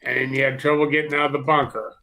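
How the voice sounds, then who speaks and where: Bright-voiced man teasing his co-host. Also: medium pitch, level tone, fast talker, vocal fry. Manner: teasing, laughing easily. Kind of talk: casual live chat.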